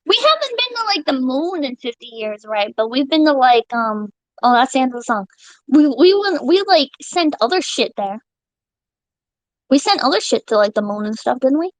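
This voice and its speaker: A woman streaming live, chatting casually with her viewers in an excitable, rambling and profane way, reading out donations. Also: high voice, normal speed, no echo, poor audio.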